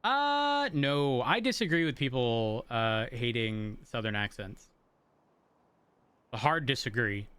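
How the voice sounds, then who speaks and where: A man's voice: mid-range voice, expressive, takes it slowly, fairly bright tone, clean tone, no room sound. A man streaming and chatting casually with viewers while gaming, rambling through explanations with many restarts. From rural area, then a city. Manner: rambling, self-interrupting explanations.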